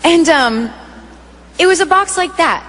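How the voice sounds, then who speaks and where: A woman giving an emotional spoken testimony, telling her story in a vivid, animated way. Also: very high-pitched, unhurried, slight background noise. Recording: echoey hall reverb.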